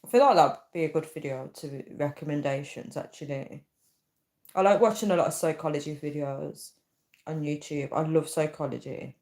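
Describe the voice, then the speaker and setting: A young woman chats casually on a live stream, reading out comments and puzzling over them aloud. She rambles, full of "um" and "like", in a fairly low voice. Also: moderate pace, a little mellow. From United Kingdom. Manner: chatty, thinks aloud with many fillers. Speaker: livestream host.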